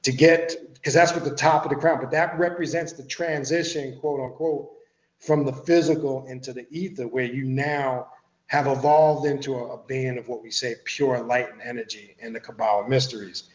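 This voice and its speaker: A man's voice: on the high side, darkish tone, reverberant, dull audio. A man explaining occult ideas in casual talk, rambling with restarts and the odd curse word. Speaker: occult author guest.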